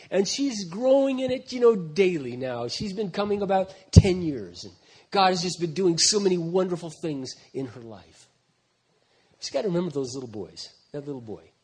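A man in his fifties delivers a sermon with a raspy, high-set voice. His pitch leaps around constantly as he moves between casual asides and forceful, emphatic preaching. He often restarts his sentences mid-thought. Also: animated, moderate pace. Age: 50s. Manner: swings from quiet asides to loud emphatic preaching; conversational, with repeated restarts. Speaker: pastor.

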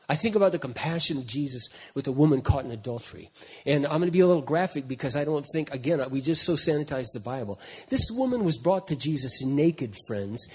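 A man in his fifties delivers a sermon with a raspy, high-set voice. His pitch leaps around constantly as he moves between casual asides and forceful, emphatic preaching. He often restarts his sentences mid-thought. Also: expressive, quick pace. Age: 50s. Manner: swings from quiet asides to loud emphatic preaching; conversational, with repeated restarts. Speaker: pastor.

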